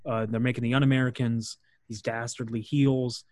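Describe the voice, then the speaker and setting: A man's voice: medium pitch, little pitch movement, normal speed, darkish tone, dry recording. Casual young man rambling, dry sound. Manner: rambling, filler-heavy, acts out quotes. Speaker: podcast host. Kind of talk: casual chat recapping wrestling.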